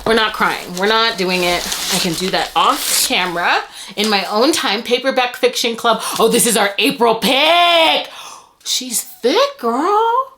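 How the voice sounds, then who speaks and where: A woman's voice: a little high, animated, moderate pace, sharp tone, a little hiss or hum. A young adult woman vlogging as she unboxes book mail, gushing with breathless exclamations and stumbling over her words. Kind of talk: excited unboxing chat.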